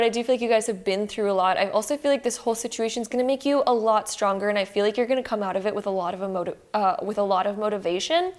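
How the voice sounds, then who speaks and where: A young adult woman from Canada with a Canadian accent, giving a rambling, reassuring tarot card reading to her viewers. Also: medium pitch. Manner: rambling, reassuring, many fillers. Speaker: tarot reader. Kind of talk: casual tarot reading to camera.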